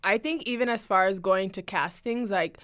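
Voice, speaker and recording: A woman's voice: mid-range voice, normal speed, fairly bright tone. A woman in her twenties talking as a guest in a casual chat, earnest and conversational. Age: 20s.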